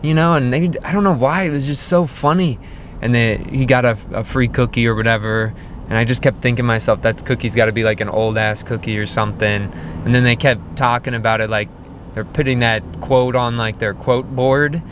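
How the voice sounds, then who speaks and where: A man's voice: mid-range voice, steady tone, a little fast, noisy background. Rambling male vlogger talking while driving. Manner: rambling, filler-heavy, frequent "like" and "right?". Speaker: pottery vlogger. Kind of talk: casual vlog storytelling.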